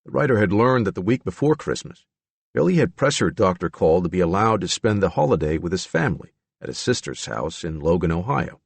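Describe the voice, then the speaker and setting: A man narrating an audiobook in a measured, expressive storytelling manner. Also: deep voice, vocal fry, breathy edge, dry recording.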